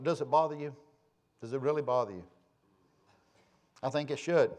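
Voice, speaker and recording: A man preaching a sermon, shifting between loud, emphatic passages and quiet, low asides, with a folksy storytelling manner. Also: lively intonation, a little fast, long pauses. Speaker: pastor.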